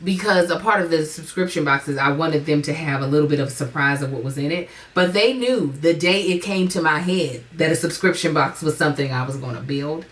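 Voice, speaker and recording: Chatty low-voiced woman podcaster. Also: brisk, hardly any pauses. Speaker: content creator and podcast host. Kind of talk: casual chat.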